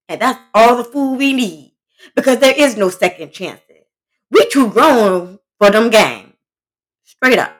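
A woman hosting a solo podcast, giving relationship advice in a blunt, emphatic, conversational way and talking straight to her listeners. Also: on the high side. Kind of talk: casual solo podcast talk.

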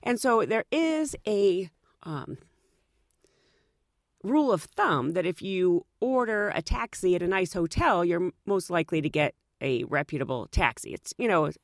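Brief: chatty flight attendant woman, expressive storyteller, dry recording. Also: lowish voice, moderate pace, no room sound. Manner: animated, chatty, frequent "you know". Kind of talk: casual storytelling.

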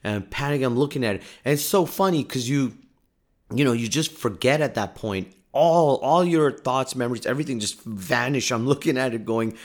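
A man's voice: medium pitch, a little fast. A man hosting a podcast, telling a story in a casual, self-deprecating way and laughing often, recorded on a podcast mic. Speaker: podcast host. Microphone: podcast microphone.

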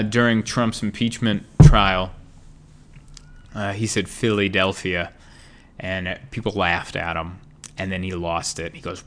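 A young man chats through his solo comedy podcast in a loose, rambling way. His delivery is jokey and sarcastic, with his voice jumping high and loud, then dropping low and quiet as he riffs. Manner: wide swings in pitch and loudness. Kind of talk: casual solo podcast monologue.

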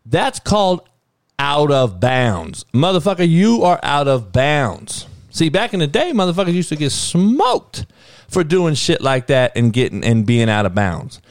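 A man's voice: a little high, very animated, unhurried, no room sound, clean studio sound. A middle-aged man from Compton, a football coach hosting his own show, ranting bluntly with heavy swearing. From Compton, California. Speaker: football coach and podcast host. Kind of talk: profane ranting monologue.

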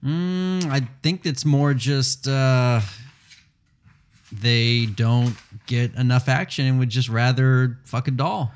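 A man's voice: medium pitch, slow, clear, resonant tone. A man co-hosting a casual podcast, chiming in with hesitant, crude remarks. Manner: laid-back, crude, hesitant. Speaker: podcast co-host. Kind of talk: casual chat.

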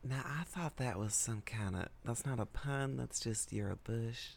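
A man's voice: medium pitch, unhurried, creaky. A man at a tabletop game, making dry, teasing remarks and describing costumes. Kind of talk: casual tabletop chat.

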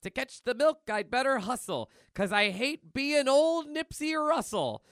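A rowdy, smart-alecky block of cheese, as a man puts him on, mocking and singsong in a raised, lively voice. He sounds like a comic-strip troublemaker having fun. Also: sits high, slow pace, dry recording, studio quality, pitched above the performer's own voice, heavily acted.

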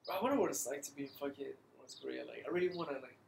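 A man's voice: medium pitch, rapid-fire, vocal fry. A man co-hosting a podcast in casual chat, slangy and swearing freely, laughing often. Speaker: podcast co-host. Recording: echoey room with faint noise.

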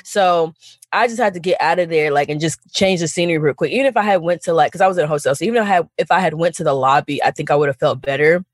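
Fast-talking woman, candid and animated. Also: low voice, no echo, clean studio sound. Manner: candid, animated storytelling with slang. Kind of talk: casual chat.

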